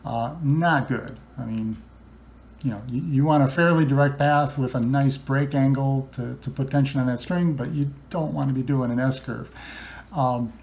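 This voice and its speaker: Chatty gravelly man explaining guitar setup. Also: mid-range voice, steady tone, normal speed, a little mellow. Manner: chatty, loose, many ums and restarts. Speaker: guitar builder demonstrating setup. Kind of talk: casual instructional talk.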